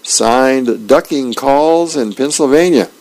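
A man reading the newspaper aloud on a radio reading service, plain and unhurried with small slips and fillers. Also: medium pitch, a little mellow, poor audio. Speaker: volunteer newspaper reader.

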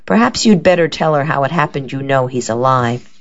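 A woman voicing a composed, shrewd male lawyer who speaks calmly and politely, on a dull lo-fi recording. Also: very deep voice, brisk.

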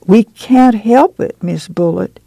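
A meek, whining mother, ashamed and pleading, as a reader puts her on in a storybook reading. The voice rises higher and slower than the narration, with a gravelly, dark and dry sound. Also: no echo, heavily acted, rough recording. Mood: timid.

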